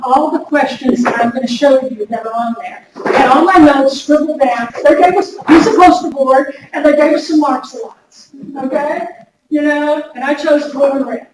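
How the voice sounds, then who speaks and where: Chatty woman speaker in an echoey hall. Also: sits high. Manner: chatty, repeats words, addresses audience directly. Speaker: workshop speaker. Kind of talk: lively workplace wellness talk. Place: large room before an audience. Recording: echoey hall recorded from far off with noise.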